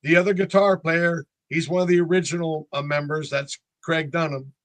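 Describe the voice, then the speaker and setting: This man in his sixties fronts a band and comes from North Carolina, USA. Telling stories casually in an interview, he chats and acts out others' lines in a fairly bright voice on the high side, steady in tone and moderate in pace, with no room sound.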